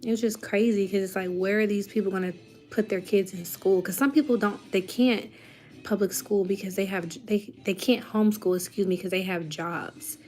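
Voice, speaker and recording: A woman's voice: medium pitch, fairly even intonation, moderate pace, mellow, faint music behind. A mother vlogging in casual chat, talking straight to her viewers and telling a story with growing heat. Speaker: parent.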